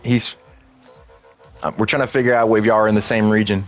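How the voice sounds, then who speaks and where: A man's voice: fairly low pitch, level tone, brisk, soft background music. A man streaming a game, chatting loosely and rambling with lots of filler words. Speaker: gaming streamer. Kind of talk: casual live-stream commentary.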